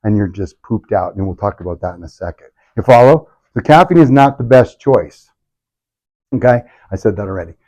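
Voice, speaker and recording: A man leads an upbeat health workshop in a clinic event room, quizzing the live audience and playfully impersonating patients' complaints. He has a fairly low voice and a brisk pace. The audio quality is poor.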